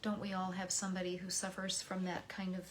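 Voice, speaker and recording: An American woman reading poems aloud and talking between them in a soft, slow way, her voice often dropping to a whisper. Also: lowish voice, monotone, slight background noise. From United States. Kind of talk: reflective poetry reading.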